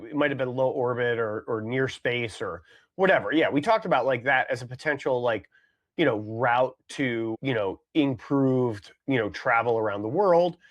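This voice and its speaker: A man co-hosting a podcast, talking casually with lots of fillers and restarts. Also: mid-range voice. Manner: rambling, many fillers and restarts. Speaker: podcast co-host.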